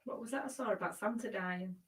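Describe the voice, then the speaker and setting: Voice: medium pitch, quick pace, fairly bright tone. A co-host in a casual live-stream chat who teases and laughs along. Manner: laughing, teasing.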